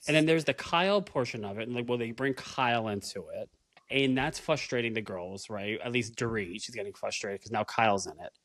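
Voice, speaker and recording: A man co-hosting a casual recap podcast, talking in an animated way, swearing and acting out quotes. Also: mid-range voice, brisk, no room sound. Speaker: podcast co-host.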